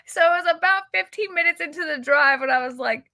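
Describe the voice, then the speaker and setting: A woman's voice: high voice, quick pace, few pauses, sharp tone, no echo. A woman telling a personal story in a casual, emotional, chatty vlog style, quoting the people she met. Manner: chatty, emotional, quotes people in her stories. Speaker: YouTuber.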